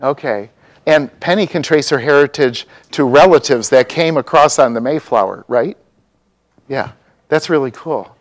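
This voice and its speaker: A man's voice: mid-range voice, moderate pace. A man preaching a sermon, talking casually and asking his congregation questions. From mixed Dutch and Czech heritage. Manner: conversational, asks the congregation questions. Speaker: pastor.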